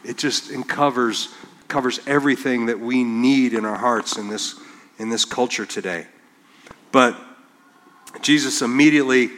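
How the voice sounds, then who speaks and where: A man's voice: medium pitch, a bit bright. Man preaching in a reverberant hall. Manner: conversational preaching, reads scripture aloud, dramatizes quotes. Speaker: pastor. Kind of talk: sermon.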